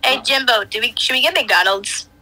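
A woman voicing an excitable puppet sidekick in a puppet comedy skit, in a squeaky put-on voice. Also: normal speed, a little hiss or hum, rough recording. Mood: excited.

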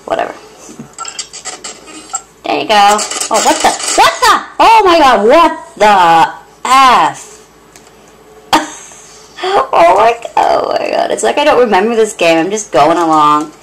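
A woman giving gameplay commentary through a cheap headset, excitable and giggly, swearing and muttering to herself. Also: on the high side, unhurried, pauses often, a little hiss or hum. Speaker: let's play host.

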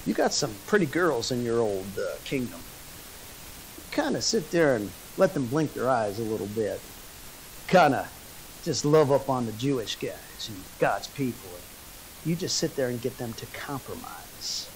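A man voicing a scheming male king who talks low and hushed. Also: very animated, unhurried, slight background noise, low-quality recording.

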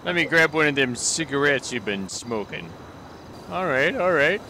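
A man's voice: on the high side, expressive, moderate pace, pushed and bright, a little hiss or hum, rough recording. A man playing a jittery folksy gas station clerk. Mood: shaken, queasy. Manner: folksy, polite, easily flustered. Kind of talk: game role-play.

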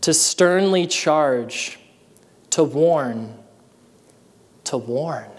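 Fairly high-voiced preaching pastor in reverb. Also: male voice, lively intonation, very slow. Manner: reads scripture aloud, then preaches with rising energy and calls to the congregation. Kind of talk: sermon. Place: church sanctuary.

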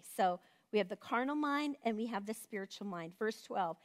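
A woman's voice: mid-range voice, animated, moderate pace. A woman teaching a women's Bible study in a casual, conversational way, often checking in with "right?".

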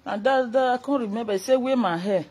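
A woman's voice: on the high side, fast, a little mellow, husky. A woman with a Nigerian Pidgin accent, casually chatting on a livestream, reading out viewer comments and laughing often. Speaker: livestream host.

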